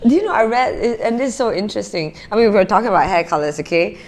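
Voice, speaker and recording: A podcast co-host chats in a casual, bubbly way and laughs often. Her voice sits at a middle pitch but moves a lot. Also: animated, quick pace. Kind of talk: casual chat.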